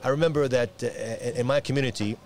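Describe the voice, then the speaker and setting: A man from America, an imam, chatting quickly and animatedly, full of restarts and Arabic phrases. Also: medium pitch, fairly even intonation. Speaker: imam and preacher. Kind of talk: casual podcast conversation.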